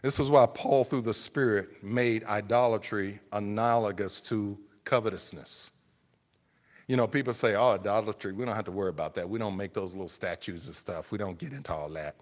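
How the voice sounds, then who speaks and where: A man preaching a sermon, emphatic and rhetorical, swinging between loud appeals and hushed explanation. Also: fairly low pitch, fairly quick, long reverb tail.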